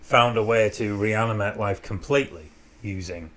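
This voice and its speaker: A man talking casually with friends on a podcast. He goes off on lively tangents about films and stories, often restarting his sentences and pausing to find the right word. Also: on the low side. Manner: animated, tells stories with pauses and restarts. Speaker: podcast co-host. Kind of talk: casual chat.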